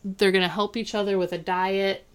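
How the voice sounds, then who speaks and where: A woman's voice: medium pitch, little pitch movement, normal speed, clear, resonant tone. A woman co-hosting a podcast, casually recapping a TV episode in a chatty way, with lots of "like" fillers. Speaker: podcast co-host.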